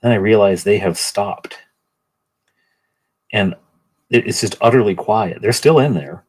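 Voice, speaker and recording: Low, husky middle-aged man chatting. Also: fairly even intonation, measured pace, pauses often, darkish tone. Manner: rambling, chatty, greets chat by name. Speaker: livestream host painting miniatures. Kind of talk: casual livestream chat.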